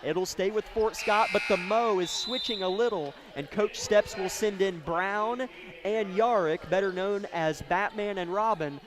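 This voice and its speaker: High-voiced, excitable play-by-play man. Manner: rapid, excitable calls that rise to shouts on big plays. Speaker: play-by-play announcer. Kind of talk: radio basketball play-by-play. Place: high school gym, courtside. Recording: noisy gym broadcast feed.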